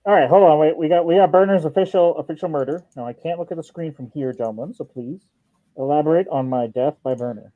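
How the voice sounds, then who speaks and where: A man's voice: a little high, quick pace, dry recording, narrow, tinny audio. A man hosting a stream in casual, joking chat, swearing and laughing often. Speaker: stream host.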